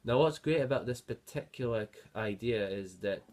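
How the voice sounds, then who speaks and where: A man's voice: mid-range voice, moderate pace, darkish tone. A man teaching a guitar lesson, counting beats aloud and explaining between passages, with some fillers. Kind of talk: music lesson. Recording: guitar playing behind voice.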